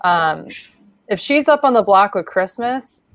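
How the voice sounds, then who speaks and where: A woman co-hosting a podcast, chatty and giggly and quick to laugh. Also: mid-range voice, expressive, no room sound. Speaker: podcast co-host. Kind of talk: casual chat. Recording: dry close sound.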